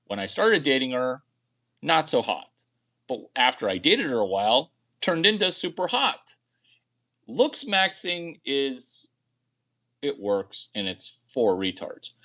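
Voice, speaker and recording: A man's voice: mid-range voice, very animated, takes it slowly, bright, forceful tone. A man talking to camera in a rambling, crude, boastful monologue, often laughing at his own jokes. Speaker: vlogger.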